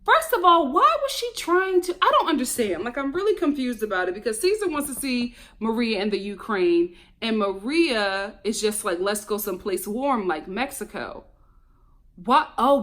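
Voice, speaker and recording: An animated woman vlogger chatting through a reality show review. Her fairly high voice swings between excited outbursts and hushed asides, always talking directly to viewers. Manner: animated, chatty, exclamatory, addresses viewers as y'all. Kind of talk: casual commentary vlog.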